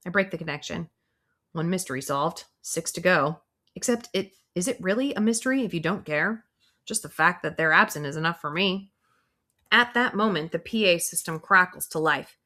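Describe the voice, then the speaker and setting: A woman's voice: on the low side, normal speed, sharp tone. A woman reading a first-person audiobook in a wry, dry storytelling manner. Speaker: audiobook reader.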